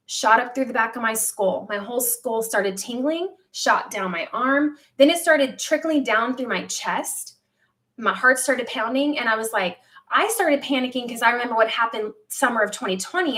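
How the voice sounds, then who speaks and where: A woman in her thirties talks straight to her livestream viewers from home, with a slightly high voice. She tells a personal story candidly and acts out her own quoted lines with lively asides. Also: moderate pace. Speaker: livestream host. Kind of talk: casual livestream chat.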